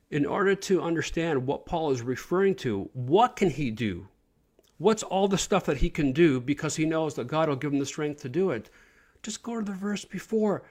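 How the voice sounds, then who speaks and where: A man giving an informal online sermon, speaking earnestly and putting questions to his listeners. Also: a little high. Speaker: preacher.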